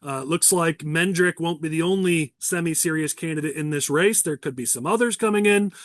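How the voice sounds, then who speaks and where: A man's voice: on the high side, brisk, no echo, clean studio sound. A man hosting a political talk podcast, speaking bluntly and with opinion, now and then restarting his sentences. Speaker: podcast host. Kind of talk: casual political chat.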